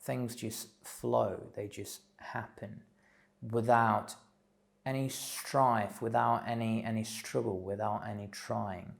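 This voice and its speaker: A man giving a slow, thoughtful spiritual talk, pausing often with fillers. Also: on the low side, fairly even intonation, vocal fry. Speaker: spiritual teacher. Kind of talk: reflective solo talk.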